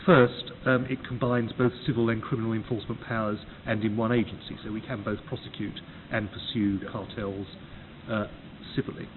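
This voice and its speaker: Lowish man giving a structured talk. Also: little pitch movement, a little fast. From United Kingdom. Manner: orderly, enumerating points. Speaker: competition agency official. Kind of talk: prepared talk. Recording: tinny phone-like recording with clear hiss.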